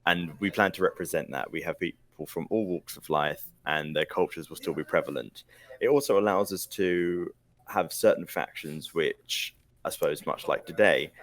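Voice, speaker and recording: A British man, a guest on a podcast, explaining his team's plans in a measured, casual way. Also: sits low. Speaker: mod team lead, podcast guest.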